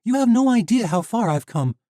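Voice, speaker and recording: A man's voice: very high voice, animated, brisk, dark tone, dry recording, studio quality, pitched above the performer's own voice. A man voicing a bold, determined young heroine who speaks with defiance. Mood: defiant.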